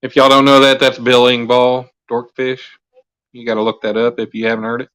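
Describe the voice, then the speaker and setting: A man with a drawl chats loosely on a livestream. He jokes around and tells jokes, slipping into voices for the characters. His voice sits at an ordinary middle pitch. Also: little pitch movement, fairly quick, a bit bright, clear, resonant tone. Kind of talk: casual livestream chat.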